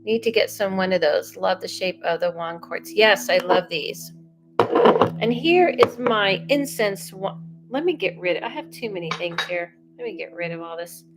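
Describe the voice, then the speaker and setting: A woman's voice: mid-range voice, moderate pace, loud music behind the voice. A young adult woman doing a live psychic reading, chatting casually and animatedly, often breaking off mid-sentence. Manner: chatty and animated, self-interrupting. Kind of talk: casual livestream chat.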